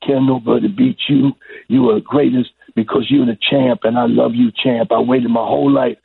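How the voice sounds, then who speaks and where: A man playing a frail, emotional very old man in a wheelchair, speaking haltingly, over a tinny phone line. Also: mid-range voice, fairly even intonation, creaky, husky, dry recording. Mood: heartfelt. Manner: slow, halting, heartfelt.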